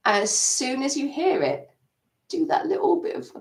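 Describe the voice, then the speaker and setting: A woman coaching an EFT tapping session on a live stream, animated and acting out her inner self-talk. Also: high-pitched, normal speed. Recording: roomy sound, mic at a distance.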